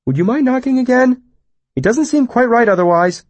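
A man voicing an eccentric, theatrical, childlike hooded scholar in a high, lofty voice. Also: animated, brisk, no echo. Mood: odd, lofty. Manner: high, grandly intoning then distracted.

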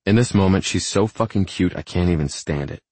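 Very deep-voiced male audiobook narrator. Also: fast, darkish tone, no room sound. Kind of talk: first-person romance narration.

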